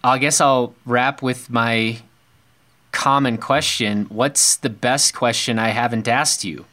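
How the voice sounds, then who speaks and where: A male podcast host with a mid-range voice and a bright, clear tone. He keeps the conversation loose and teasing, trading jokes with his guest before signing off. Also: medium pitch, fairly even intonation, slow pace. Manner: friendly, joking banter. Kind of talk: casual interview conversation.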